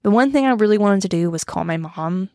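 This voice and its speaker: A young woman talks through a confessional vlog with a fry-edged, gravelly voice. She rambles, laughs nervously and mocks herself, and she is choked up close to tears at times. The sound is dry and close, with no room around it. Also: mid-range voice, expressive, fast talker, darkish tone, no echo. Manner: rambling, self-deprecating, with nervous laughs and many fillers. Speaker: vlogger talking about grief. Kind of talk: casual confessional chat.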